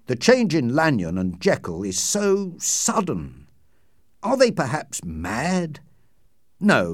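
A man voicing a worried, loyal gentleman who speaks earnestly to his friends in a storybook reading. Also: fairly low pitch, no echo, clean studio sound.

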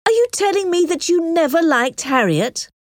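Woman reading as a proud young gentlewoman, high and indignant, storybook reading, dry room. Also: very animated, measured pace, dry recording. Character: proud young gentlewoman, quick-witted and firm.

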